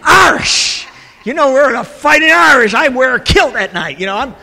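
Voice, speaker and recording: A man's voice: extremely high pitch, animated, brisk, creaky, pushed and bright, long reverb tail, exaggerated voice. A man voicing a brash, boastful man who says he is Irish and a fighter, as a quoted character in a sermon. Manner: boastful, defiant.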